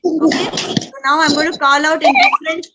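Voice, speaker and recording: A woman in her thirties with an Indian English accent, leading a live parent workshop and calling out clapping games in quick drills. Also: sits high, very noisy. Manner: lively, calls out commands in rapid drills. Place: room with a live audience.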